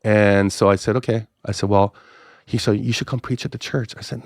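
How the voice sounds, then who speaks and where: Animated pastor telling a story. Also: male voice, a little fast, no echo, clean studio sound. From Hawaii. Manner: animated storyteller, acts out both sides of dialogue with pitch jumps. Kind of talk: casual storytelling podcast interview.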